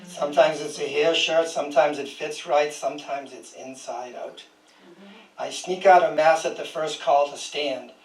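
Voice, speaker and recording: A man's voice: a little high, steady tone, normal speed. A man in his sixties reading his own poems aloud as a guest poet, with dry humor and chuckling asides between pieces. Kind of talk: poetry reading with casual asides. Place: small historic house, indoors. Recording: roomy sound from a distant mic.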